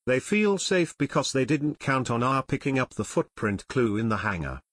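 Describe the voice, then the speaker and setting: A man's voice: medium pitch, normal speed, breathy edge. Eager teen boy detective, read by a man. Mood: excited. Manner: excited.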